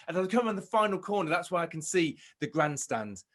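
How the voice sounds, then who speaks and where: Animated British man telling his story. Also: on the high side, fast, few pauses. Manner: animated storytelling, acts out crowd shouts. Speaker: motivational speaker. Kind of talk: live online motivational talk. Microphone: video call.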